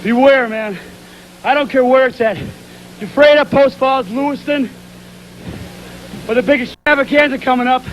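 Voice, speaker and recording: A man's voice: very high voice, normal speed, pauses often, lo-fi sound, a little hiss or hum. A man, a pro wrestler, cutting a boastful, threatening promo interview.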